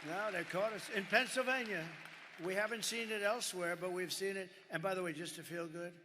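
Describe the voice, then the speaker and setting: Speaking a little fast in a high voice, an older man addresses a packed rally venue from a podium microphone. The candidate's speech wanders, heavy on superlatives and asides to the crowd, in echoey sound with crowd noise.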